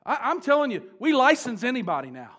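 Fervent high-voiced preacher man. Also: very animated, fast. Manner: fervent, swings from shouting to quiet asides. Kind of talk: sermon.

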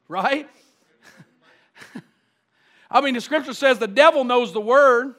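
A man's voice: very high-pitched, slow pace, bright, forceful tone. A pastor preaching a sermon. He often asks the congregation questions and builds emphasis through repetition.

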